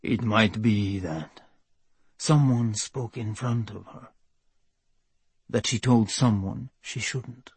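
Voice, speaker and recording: A man voicing an unstable, creepy male werewolf who growls and then turns soft and sing-song. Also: fairly low pitch, slow, slightly rough, dry recording, full character voice.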